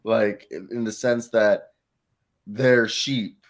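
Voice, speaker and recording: Young male co-host, lowish voice, loose rambling talk, lots of "like". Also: slow. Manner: rambling, filler-heavy, animated storytelling. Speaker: co-host of a basketball show. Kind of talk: casual sports talk.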